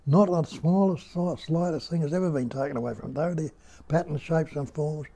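An older man with an Australian accent, giving a slow, musing spiritual talk at home and putting rhetorical questions to his listeners. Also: a little high, steady tone, mellow, husky. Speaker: spiritual teacher. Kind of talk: unhurried nondual teaching talk. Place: indoor room at home.

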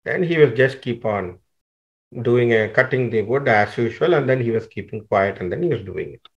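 A man teaching scripture through a story, animated and often restarting his sentences. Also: mid-range voice, normal speed, dull audio. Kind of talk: storytelling explanation.

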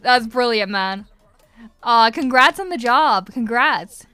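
A young Northern Irish woman with an Irish-transatlantic accent answers fan questions as a voice actress in a casual livestream Q&A. Her high, bright voice is smooth and forceful but unhurried, and she's giggly and effusive, rambling with lots of fillers.

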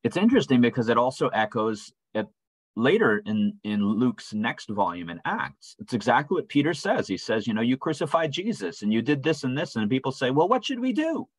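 A man's voice: medium pitch, big pitch swings, fairly quick, husky, no echo, low-quality recording. A man leading a church Bible study in a conversational way, often asking "right?" and acting out quoted voices. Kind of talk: informal Bible study teaching. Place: church room.

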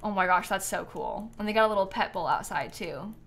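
A woman's voice: mid-range voice, lively intonation, brisk, gravelly, a bit bright, soft background music. A woman chatting casually to viewers on a live game stream, bubbly and giggly, a bit tired and yawning.

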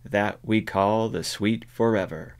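A man voicing a church song leader in a storybook reading, calling out hymn lines slowly and drawn out. The voice stays low and unhurried. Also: smooth, close to an everyday voice. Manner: slow, drawn-out.

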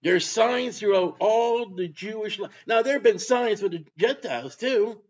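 A man preaching a sermon, emphatic, with bursts of loud delivery. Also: sits high, expressive, moderate pace. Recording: dull lo-fi sound.

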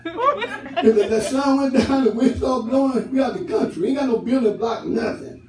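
Man pastor, high animated voice, unhurried sermon delivery, recorded from a distance in an echoey church. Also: a crowd in the background. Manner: laughing, storytelling with call-and-response. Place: church sanctuary. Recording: roomy church hall, mic at a distance, congregation audible.

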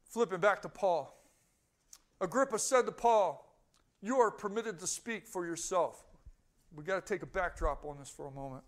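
A male pastor with a notably high voice delivers a sermon. He swings between fervent, climbing bursts and quiet, low-pitched asides, pressing the congregation with rhetorical questions. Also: normal speed. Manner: emphatic preaching that rises and falls, with rhetorical questions to the congregation.

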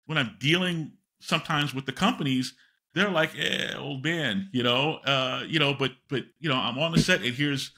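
Older male guest, animated anecdote-teller, bright tone, lots of fillers. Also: medium pitch, normal speed. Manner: animated, rambling anecdotes with many fillers and self-interruptions. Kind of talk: storytelling in a podcast interview.

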